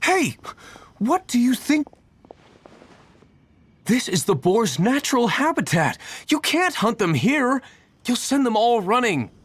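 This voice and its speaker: A woman's voice: on the high side, very animated, slow pace, pauses often, slightly rough, no room sound, heavily acted. A woman voicing a stern female hunter who firmly scolds careless newcomers. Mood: scolding. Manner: scolding, firm. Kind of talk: game cutscene voice acting.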